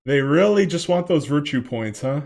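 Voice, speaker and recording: A man's voice: fairly high pitch, vocal fry, darkish tone. A man in his late twenties ranting in a reaction commentary, swearing a lot, rambling and laughing often.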